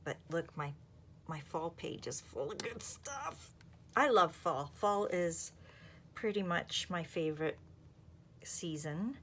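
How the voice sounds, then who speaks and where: Speaking slowly and expressively in a lowish voice, this craft channel host rambles casually and muses out loud as she crafts. A little background noise can be heard.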